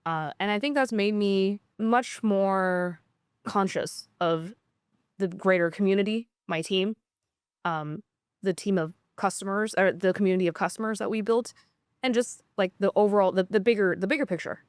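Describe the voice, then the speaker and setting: A woman's voice: mid-range voice, normal speed, clear, resonant tone, no room sound. A woman founder in casual conversation, talking earnestly and reflectively with frequent "um" fillers. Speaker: startup founder.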